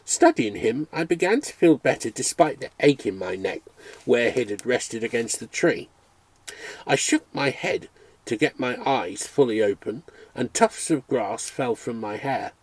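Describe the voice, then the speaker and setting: Expressive husky male book reader. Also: medium pitch, unhurried, dry recording. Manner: expressive storytelling. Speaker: audiobook reader. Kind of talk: reading a memoir aloud.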